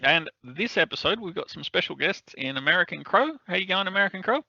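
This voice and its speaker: Gravelly-voiced podcast host. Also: male voice, sits high, expressive, quick pace, sharp tone, no echo, highs cut off. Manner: joking, teasing, asks the panel in turn. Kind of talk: casual chat.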